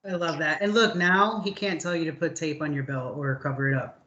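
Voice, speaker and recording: A man's voice: fairly high pitch, steady tone, fairly quick, muffled recording, background noise. A man hosting a podcast, earnest and casual, swearing now and then. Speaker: podcast host.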